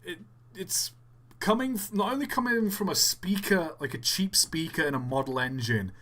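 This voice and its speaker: A man's voice: high-pitched, normal speed. A man co-hosting a live stream, chatting casually and joking. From England. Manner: animated, jokey, breaks into laughs. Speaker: stream co-host.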